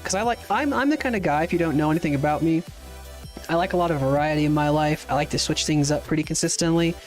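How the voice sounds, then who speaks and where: A man's voice: on the high side, fast, a little mellow, faint music behind. A man streaming a game, chatting loosely with viewers, rambling and swearing casually as he answers their questions. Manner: answers viewer chat questions as they come. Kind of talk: casual chat while playing a game.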